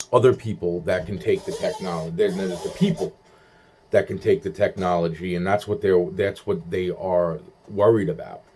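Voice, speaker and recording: A man's voice: sits low, warm tone. A young man rambling in a profane monologue, stumbling through restarts and acting out quoted voices.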